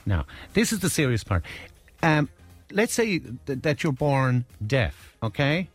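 A man's voice: mid-range voice, a little slow, slightly rough, soft background music. A man co-hosting a radio show, telling jokes and rambling through playful questions. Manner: jokey, rambling, animated questioning. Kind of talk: casual radio banter.

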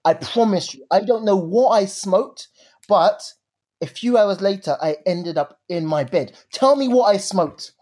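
A young man with a notably high voice and a husky edge tells a story in casual chat. He is animated and slangy, and he plays up the drama of every turn. His delivery stays loose and lively. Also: measured pace.

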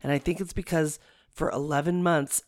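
A man's voice: fairly high pitch, fairly even intonation, moderate pace. A man co-hosting a podcast, retelling scenes animatedly, quoting others and swearing. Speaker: podcast co-host. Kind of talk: casual chat.

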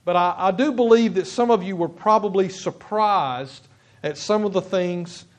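High-voiced man preaching a sermon. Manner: halting, with frequent restarts and repeated emphasis. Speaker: pastor. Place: church sanctuary.

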